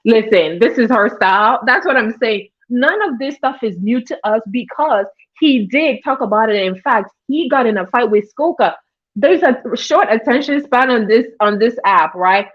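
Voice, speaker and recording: Woman chatting on her livestream, kinda high voice, muffled lo-fi audio, keeps saying hi to chat. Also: expressive, normal speed. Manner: chatty, greets chat viewers by name mid-story. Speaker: livestream host. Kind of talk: casual livestream commentary. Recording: dull lo-fi stream audio.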